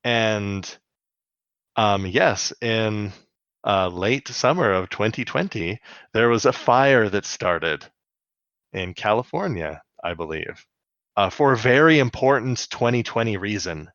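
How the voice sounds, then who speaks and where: Swearing, joking low-voiced podcast man. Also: expressive, takes it slowly, fairly bright tone, dry recording, dull audio. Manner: laughs often, swears freely, acts out quotes. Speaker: podcast co-host. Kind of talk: casual podcast chat. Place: home, on the US West Coast.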